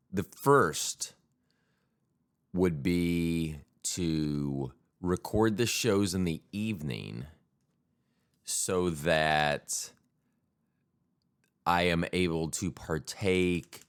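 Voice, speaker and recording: A man's voice: sits low, very slow, pauses often, smooth. A man hosting a podcast in a casual comic monologue, rambling, self-deprecating and crude. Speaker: podcast host. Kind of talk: casual solo comedic monologue.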